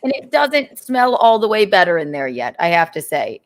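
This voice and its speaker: A woman's voice: fairly low pitch, big pitch swings, moderate pace. A woman, the host's partner, teasing him with exasperated, laughing complaints. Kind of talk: casual teasing chat.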